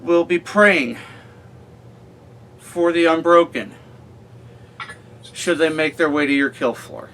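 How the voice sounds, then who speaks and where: A man hosting a staged wrestling interview, hesitant and given to stammers. His voice sits a touch high, and he talks slowly, picking his words with care. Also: a bit bright. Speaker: host interviewer. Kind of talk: in-character interview.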